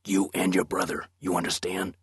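A man's voice: low-pitched, flat delivery, normal speed, slightly rough, no echo, clean studio sound. A man whispering as a scratchy masked intruder. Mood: menacing whisper. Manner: threatening, hushed. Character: menacing masked male intruder, adult.

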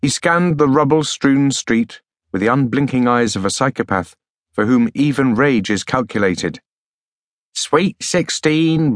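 A man narrating an audiobook thriller in a measured, dark storytelling manner. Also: mid-range voice, dry recording, clean studio sound. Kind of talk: scripted narration.

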